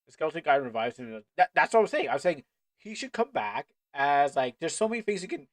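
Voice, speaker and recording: A man's voice: fairly high pitch, very animated, a little fast, dry recording. A man streaming a game, rambling casually and often cracking up with laughter. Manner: rambling, keeps breaking into laughter. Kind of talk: casual livestream commentary.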